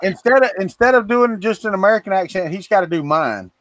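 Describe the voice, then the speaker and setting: A man's voice: high voice, lively intonation, quick pace, fairly bright tone, dry recording. A man from Florida with a Southern accent, co-hosting a livestream in casual, teasing, rambling chat. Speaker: co-host of a livestream.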